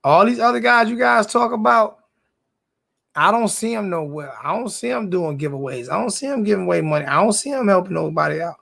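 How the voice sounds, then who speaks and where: A man's voice: high-pitched, lively intonation, brisk, vocal fry, a bit bright. A man who is a sports YouTuber, ranting back at his live chat. He is confrontational, repeats himself, and swears in heavy slang. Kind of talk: live-stream rant to chat.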